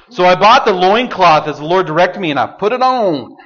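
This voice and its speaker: High-voiced pastor joking through a sermon. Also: male voice, sing-song, fairly quick, a bit bright, highs cut off. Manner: casual, joking storytelling.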